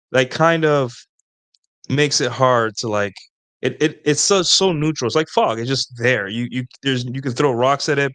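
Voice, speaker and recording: Answering viewer questions on a casual advice show, a host with a smooth, medium-pitched, slightly bright voice talks with no echo. His style is rambling, full of restarted sentences, with constant "right?" and "like" as he repeats himself.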